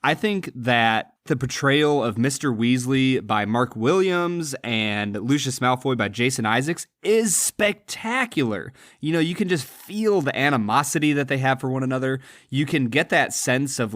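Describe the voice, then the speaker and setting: Man, film podcast co-host, earnest, animated, mid-range voice, dry close recording. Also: mid-range voice, dry recording. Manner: earnest, animated, quick retelling. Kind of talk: casual film discussion.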